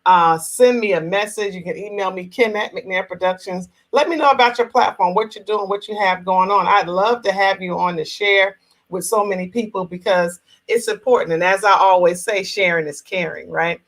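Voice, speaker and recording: A woman's voice: medium pitch, moderate pace, low-quality recording. A woman from New Jersey hosting a casual live talk show over a video call, chatty and encouraging with frequent affirmations.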